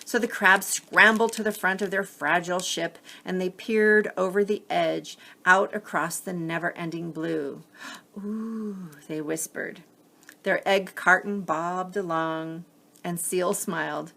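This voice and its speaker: Gravelly woman reading a picture book. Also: lowish voice, unhurried. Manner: gentle, expressive. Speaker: storyteller.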